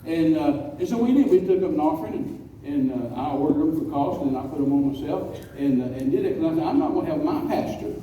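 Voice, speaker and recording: A man preaching a folksy storytelling sermon, slowing down to stress key words. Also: fairly high pitch, warm tone. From West Texas. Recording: echoey hall, distant mic, faint noise.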